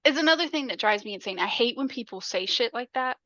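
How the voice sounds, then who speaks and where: A woman's voice: a little high, fast talker, no echo, muffled recording. A woman co-hosting a podcast, casually retelling a film, swearing often and acting out the characters' lines. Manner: swears a lot, animated, acts out quotes. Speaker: podcast co-host.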